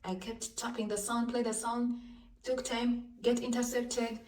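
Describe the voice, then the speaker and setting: A woman telling a dramatic storytime vlog to her viewers, talking into a handheld phone in a lively, animated way. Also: a little high, unhurried, recorded from a distance. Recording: roomy echo, voice off-mic, faint background noise.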